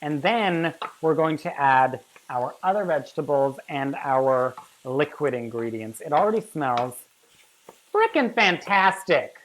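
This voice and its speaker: A brash woman walks viewers through a recipe with a low-pitched voice. She swears freely and jokingly insults her audience. Her delivery stays casual and chatty. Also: animated, a little slow. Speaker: cooking show host. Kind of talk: casual cooking demonstration.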